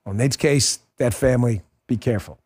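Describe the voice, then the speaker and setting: A middle-aged man hosting a political talk show, ranting bluntly and piling up insults in quick emphatic lists. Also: medium pitch, darkish tone, husky. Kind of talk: heated political commentary.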